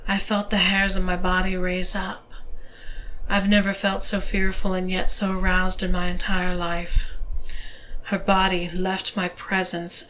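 Woman narrator, erotic audio story, very slow, hushed, drops to whisper, faint hiss. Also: fairly low pitch, poor audio.

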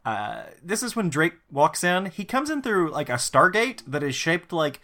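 Bright-voiced wry man co-hosting a podcast. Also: on the high side, sing-song, normal speed. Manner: wry, sardonic, swears freely. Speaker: podcast co-host. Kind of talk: casual episode recap chat.

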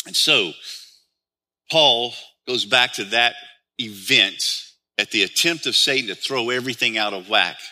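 Bright-voiced man preaching a sermon. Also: medium pitch, unhurried. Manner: explains scripture with frequent rhetorical questions. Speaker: pastor.

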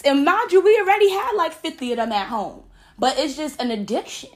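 A woman in her late twenties, a podcast host, telling a story in a casual, profane, animated way and laughing often. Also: sits high, a little fast.

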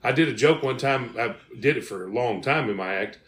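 A man's voice: medium pitch, expressive, a little fast, a bit bright. A male podcast host, telling stories in a folksy, drawling way and reading sponsor ads. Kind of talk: casual chat with ad reads.

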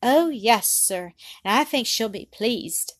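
A woman voicing a meek, devoted little Victorian girl who speaks earnestly and obediently, with raised pitch. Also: expressive, slow pace, dry recording, studio quality. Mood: eager.

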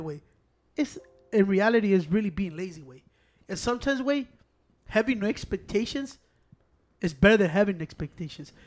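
Fast-talking high-voiced man. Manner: blunt, profane, says güey constantly. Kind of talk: casual chat, mixing Spanish and English.

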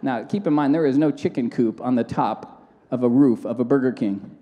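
A man preaching as a pastor, moving between fervent prayer and lively storytelling in a church. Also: medium pitch, moderate pace, long reverb tail, highs cut off. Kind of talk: sermon with prayer.

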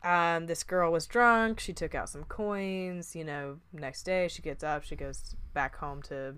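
A woman's voice: deep voice, measured pace, fairly bright tone, clear, resonant tone. Chatty woman reviewing a rom-com. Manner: chatty, with filler words and restarts. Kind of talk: casual chat about movies.

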